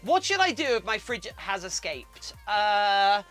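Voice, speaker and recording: A woman's voice: medium pitch, sing-song, normal speed, hardly any pauses, fairly bright tone. A woman who makes fursuits, chatting casually on her livestream, reading chat aloud in a scattered way and breaking into silly sung bits. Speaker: fursuit maker streaming her work. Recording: music playing faintly behind.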